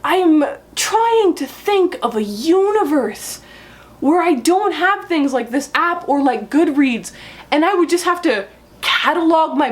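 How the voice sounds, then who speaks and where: A young woman book vlogger talking casually to camera in an excitable, chatty way, in a room full of books. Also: sits high.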